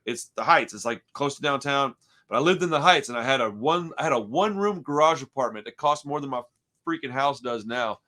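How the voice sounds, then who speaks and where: A man's voice: medium pitch, lively intonation, a little fast, sharp tone. A man from Houston in his thirties hosting a casual podcast chat, telling rambling stories full of dude, bro and swearing. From Houston, Texas. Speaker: podcast host.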